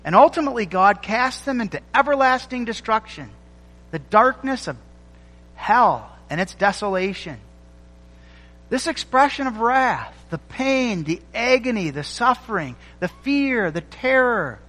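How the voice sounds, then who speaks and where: A man preaching a sermon, emphatic and rhythmic, repeating phrases and pausing for effect. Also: sits high, sing-song, a bit bright, long reverb tail, low-quality recording. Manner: emphatic, rhythmic repetition with dramatic pauses.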